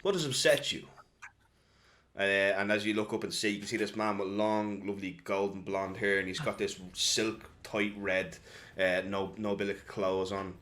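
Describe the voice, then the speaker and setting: A man running a tabletop game as game master. He narrates casually, with fillers and small restarts. His voice sits low. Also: monotone, normal speed, a bit bright.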